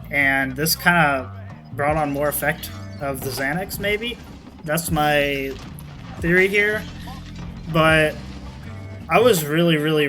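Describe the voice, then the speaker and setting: A young man in his late teens, rambling through a personal story to camera, swearing a lot and filling gaps with "kinda like.". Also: fairly high pitch. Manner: rambling, profane, lots of "kinda like" and fillers. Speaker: vlogger.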